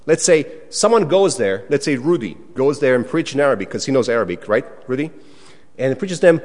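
A man preaching a sermon, animated and dramatic, acting out quoted prayers in a raised voice. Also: medium pitch, a little fast. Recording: long hall reverb.

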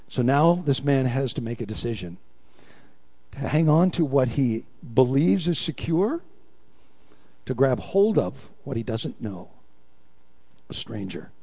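A man's voice: fairly high pitch, big pitch swings, normal speed, gravelly, darkish tone, in a large hall. A man preaching a sermon, telling stories and asking his congregation questions, drawing them into call-and-response. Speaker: pastor.

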